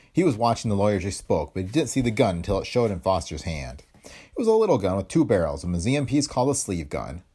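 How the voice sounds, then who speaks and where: A man narrating a pulp detective story in an expressive, dramatic storytelling manner. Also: on the low side, fast, breathy edge.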